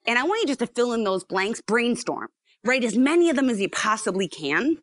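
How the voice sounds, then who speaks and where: A woman psychologist explaining ideas in a lively, chatty way, acting out the inner voices in her stories. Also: a little high, a little fast, no echo, studio quality. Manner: animated storyteller, acts out inner voices. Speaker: psychologist guest. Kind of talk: casual explanatory chat.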